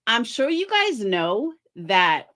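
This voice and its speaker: A woman's voice: a little high, sing-song, slow, bright, forceful tone. A middle-aged woman hosting a casual livestream, chatting with viewers by name and making sarcastic asides. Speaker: livestream commentary host.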